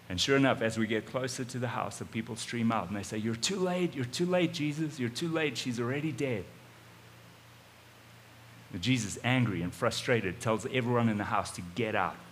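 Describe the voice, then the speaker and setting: A South African pastor tells a story-style sermon in a conversational, animated way. His voice sits at a medium pitch, and faint ambient noise runs behind him. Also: in a large hall. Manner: animated, conversational, repeats his starting words. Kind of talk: first-person storytelling sermon.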